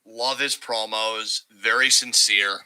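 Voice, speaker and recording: A young man co-hosting a wrestling podcast, talking casually and profanely and slipping into quick impressions of wrestlers. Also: lowish voice, fairly even intonation, bright, forceful tone, clear, resonant tone, poor audio. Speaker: podcast co-host.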